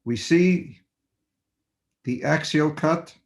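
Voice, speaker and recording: An older man, a surgeon, giving a measured, deliberate webinar lecture and stressing basic principles. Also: fairly high pitch, vocal fry. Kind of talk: slow academic lecture. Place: home or office on webinar.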